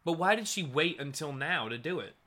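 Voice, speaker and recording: A man's voice: a little high, expressive, fairly quick, crowd noise. A young man co-hosting a podcast in casual chat, animatedly acting out quotes from characters. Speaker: podcast co-host.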